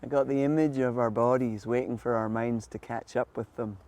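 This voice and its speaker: A man with a Scottish accent, a minister leading a vespers prayer service in a gentle, self-deprecating way that laughs easily. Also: medium pitch, steady tone, moderate pace. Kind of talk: leading sung prayer and worship. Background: guitar music.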